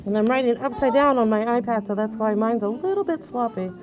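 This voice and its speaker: A woman teacher patiently coaxes young children through a reading lesson, sounding out letters one at a time. Her voice is a little high and her pace brisk.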